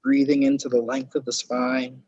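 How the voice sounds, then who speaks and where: A man guiding a yoga class through postures and breathing, with calm, slow spoken cues and spiritual phrasing. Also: medium pitch, breathy edge, dry recording, highs cut off. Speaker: yoga instructor. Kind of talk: guided yoga class instruction.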